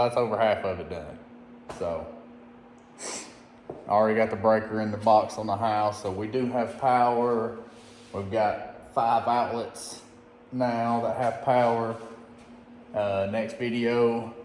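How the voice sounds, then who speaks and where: A man, chatting excitedly and folksily in a casual DIY vlog from his unfinished workshop. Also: medium pitch, slight background noise. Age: 30s. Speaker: DIY vlogger. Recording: echoey reverberant shop room.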